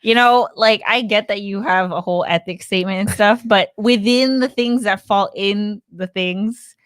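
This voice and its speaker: A woman's voice: medium pitch, moderate pace, no room sound. A woman co-hosting a casual podcast, reading viewer comments and teasing her partner in a playful way. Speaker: podcast co-host.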